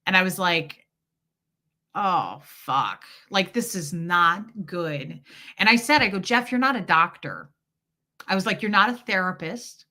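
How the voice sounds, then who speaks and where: A woman's voice: on the low side, expressive, unhurried, pushed and bright. A woman hosting a casual livestream chat, talking candidly and telling a personal story with quoted voices. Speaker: livestream host. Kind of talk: casual chat with live viewers.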